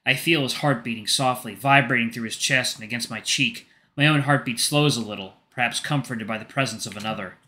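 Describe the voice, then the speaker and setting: Brief: male let's-play reader, mid pitch, very bright tone, calm with casual asides. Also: fairly quick, few pauses. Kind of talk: reading a visual novel aloud.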